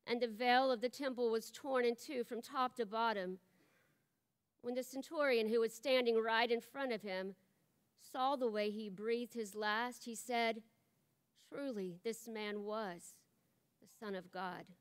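A woman giving an expressive reading of scripture in church, her voice rising for the quoted cries. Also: fairly high pitch, a little slow, smooth. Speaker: scripture reader. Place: large church hall. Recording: long hall reverb.

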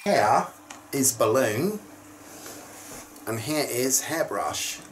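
A man chatting casually on his vlog, excitable and quick to squeal with delight. His pitch swings widely as he talks, and faint room noise sits behind him. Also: roomy sound, poor audio. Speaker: YouTube vlogger. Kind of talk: casual chat.

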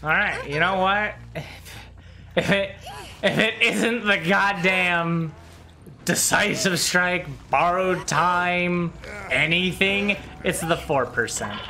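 Young male gamer, slightly high voice, unhurried commentary with loud excited bursts and cursing. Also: soft background music. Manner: excitable, trash-talking, swears freely. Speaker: gaming video creator. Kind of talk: live gameplay commentary.

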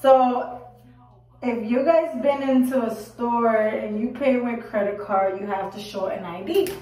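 Animated young woman telling a story in an echoey room. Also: a little high, unhurried. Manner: animated, acts out her own quotes, swears casually. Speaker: vlogger. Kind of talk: casual storytime. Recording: roomy echo, a bit far from the mic.

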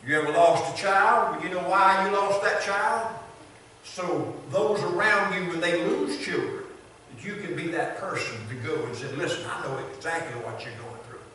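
An older man with a Southern American accent preaching a sermon as pastor, in a rhythmic style with repeated phrases, swinging between loud and soft. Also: high-pitched, moderate pace, slight background noise. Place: large church sanctuary. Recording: very echoey church hall from a distance.

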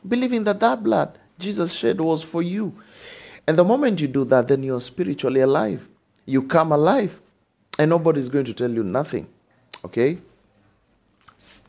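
A man preaching a sermon with animated delivery, repeating lines and asking rhetorical questions. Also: on the high side, normal speed, vocal fry. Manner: acts out short dialogues in changed voices.

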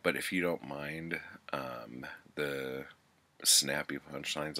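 A man with a very deep voice reviews a book in a loose, chatty way, leaning on filler words and dropping the odd curse. His tone is husky and gravelly yet has a bright edge. He talks slowly and unhurriedly. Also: dry recording. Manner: loose and chatty, full of "like" and "um", swears freely.

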